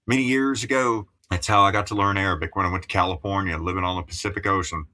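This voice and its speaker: Speaking quickly with fairly even intonation, this Appalachian musician in his fifties has a low, bright, forceful voice. In a relaxed interview, he uses careful broadcast English while wandering off on tangents, restarting sentences, and saying "you know" a lot.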